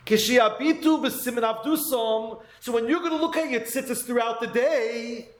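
A man's voice: very high voice, normal speed, echoey room, poor audio. A man giving a Torah lesson, earnestly telling a story and weaving Hebrew terms into his talk. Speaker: Torah teacher.

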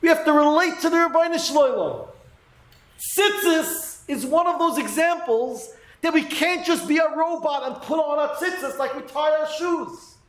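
A man's voice: very high voice, normal speed, fairly bright tone, roomy sound, rough recording. A man giving a Torah lesson, earnestly telling a story and weaving Hebrew terms into his talk. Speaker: Torah teacher.

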